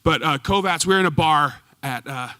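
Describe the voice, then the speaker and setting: A man telling lively, laughing stories about his old coach to a live audience, acting out the quotes. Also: fairly high pitch, fairly quick. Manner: animated, laughing, acts out quotes. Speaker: former goalkeeper telling stories at a tribute event. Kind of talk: storytelling speech to a live audience. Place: performance hall stage.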